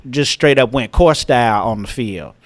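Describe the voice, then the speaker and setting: A man's voice: medium pitch, expressive, normal speed. A young adult man co-hosting a podcast in easygoing, casual conversation, often checking in with the listener. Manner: easygoing, conversational, often adding "you know what I'm saying". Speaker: podcast co-host.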